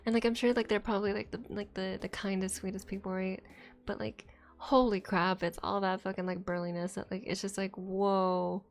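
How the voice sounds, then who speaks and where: A woman's voice: medium pitch, little pitch movement, brisk. A young woman streamer chatting casually late at night, rambling, swearing often and laughing between thoughts.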